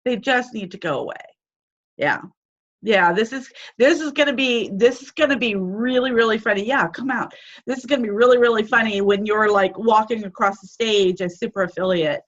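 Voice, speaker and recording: A woman's voice: on the high side, a little fast. A woman mentoring her team in a casual, encouraging pep talk. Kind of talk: casual motivational chat. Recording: dull lo-fi audio.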